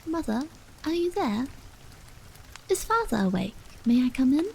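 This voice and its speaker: A woman voicing an eager, chatty young daughter in whispered role-play, higher and brighter than her narration. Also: big pitch swings, measured pace, creaky, slight background noise, heavily acted, rough recording.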